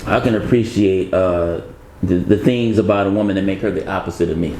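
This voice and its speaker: This deep-voiced man talks a little fast, a guest in a casual interview who works as an actor and comedian. His manner is relaxed and rambling, with laughter as he cracks jokes, all captured with roomy echo and faint background noise.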